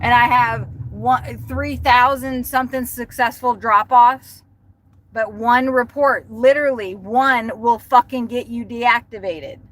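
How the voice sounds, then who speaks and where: A woman's voice: a little high, fairly even intonation, measured pace, fairly bright tone, poor audio. A woman delivery driver ranting angrily on a livestream from her car, swearing constantly. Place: inside a car while driving.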